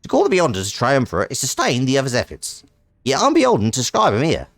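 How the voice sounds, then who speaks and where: A man voicing a cursed male wanderer from a game, with a strained, high put-on voice and a wobbly made-up accent. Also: wildly swooping pitch, fast talker, gravelly, no echo, clean studio sound. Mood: earnest.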